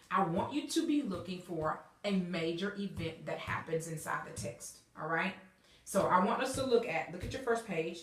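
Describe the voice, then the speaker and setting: A woman's voice: lowish voice, fairly bright tone. A woman teacher guiding young readers, encouraging and checking in often with "okay?" and "all right?". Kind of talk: classroom instruction. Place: classroom. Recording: roomy classroom, mic far off.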